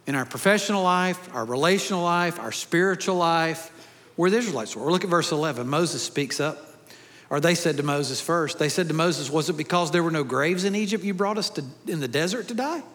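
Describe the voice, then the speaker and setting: A pastor preaching in a big church, his voice a little high for a man. He talks to the congregation casually and drops jokes as he goes. A long reverb trails off his words in the large hall. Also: fairly bright tone. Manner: conversational, joking asides to the congregation. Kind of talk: sermon.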